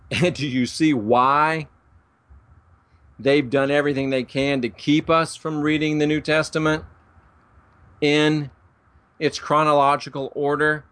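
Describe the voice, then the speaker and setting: A man's voice: on the high side, pushed and bright. A man lecturing viewers on the Bible in an emphatic, preaching style, with folksy asides and jokes. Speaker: Bible teacher.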